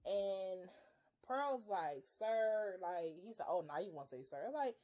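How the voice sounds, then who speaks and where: A woman's voice: medium pitch, a little slow. A young woman giving a casual, blunt and profanity-filled recap and reaction to a TV episode. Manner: profane, blunt and animated, with frequent swearing. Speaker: TV episode reviewer.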